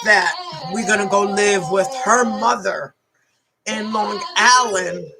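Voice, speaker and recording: A woman telling a personal story from her own life. She talks in a halting, emotional way and often repeats herself. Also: mid-range voice, lively intonation, noisy background.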